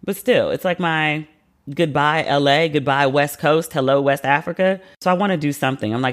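A man hosting a podcast in a casual chat. He talks in an expressive, rambling way, swears freely and laughs at himself. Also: a little high, fairly quick. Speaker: podcast host.

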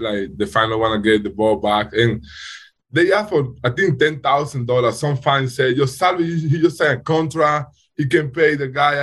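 Husky man in halting second-language English. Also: medium pitch, fairly bright tone. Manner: halting non-native English with frequent restarts. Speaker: baseball player guest. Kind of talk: casual interview talk.

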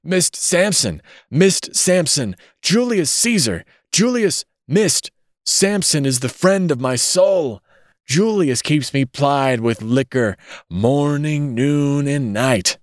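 A wild, drunken man in rags roars and slurs, as a male reader puts him on, his voice climbing high and swinging widely. The recording is dry and close, with no room sound. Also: expressive, slow, no room sound. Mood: drunken roaring. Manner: roaring, slurred, wild.

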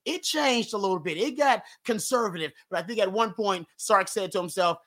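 A man calling into a postgame sports talk show, speaking with emphatic, emotional fan energy. His voice is quite high and strikingly bright and forward. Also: fairly quick, few pauses. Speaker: guest analyst.

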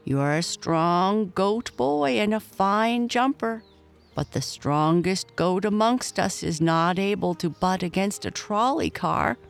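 A woman's voice: medium pitch, lively intonation, takes it slowly, gravelly, faint music behind, voice pushed up. A woman voicing an old grandfather goat in a storybook reading, lecturing in a grandfatherly way.

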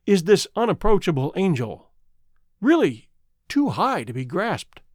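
A man's voice: high voice, sing-song, a little slow, dry recording, studio quality, exaggerated voice. A man reading the lines of a remorseful young woman, a former chorus singer, with an earnest, confessional manner.

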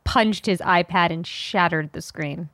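A woman's voice: lowish voice, a bit bright, dry recording. Female co-host, 30s, playful chatty teaser, dry close mic. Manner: quick teasing interjections. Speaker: podcast co-host. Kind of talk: casual chat.

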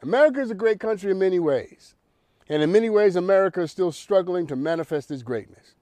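Male talk host, preachy monologue, lively high voice. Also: fast talker, no room sound. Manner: preachy, emphatic, repeats for effect. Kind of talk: animated talk show monologue.

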